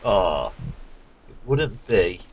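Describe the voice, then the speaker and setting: A man giving casual let's-play commentary, muttering quietly to himself as he plays. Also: low-pitched, big pitch swings, drawn-out words, slightly rough, poor audio. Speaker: gamer. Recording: voice over loud game music. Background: game music.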